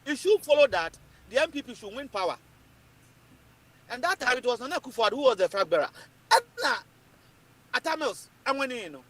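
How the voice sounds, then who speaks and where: A Ghanaian man giving animated political commentary, emphatic and repetitive, switching between English and Twi. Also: very high voice, fairly quick, long pauses.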